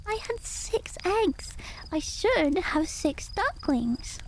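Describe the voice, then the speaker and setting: A woman's voice: very high voice, very animated, slow pace, slight background noise, voice pushed up, full character voice. A woman voicing a fussy, caring mother duck who turns stern when scolding, in a storybook reading. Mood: worried.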